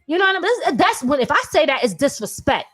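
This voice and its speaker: Blunt, high-voiced woman host. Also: fast, faint music behind. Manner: blunt, animated, profane. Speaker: podcast host, independent artist. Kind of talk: casual opinionated talk.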